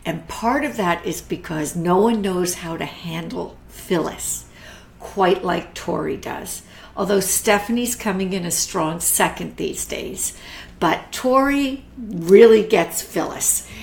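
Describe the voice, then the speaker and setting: A middle-aged woman hosting a live online art class, chatty and warm with viewers, greeting them by name and often restarting her sentences. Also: lowish voice, slow pace, vocal fry, slight background noise. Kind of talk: live-streamed casual art talk.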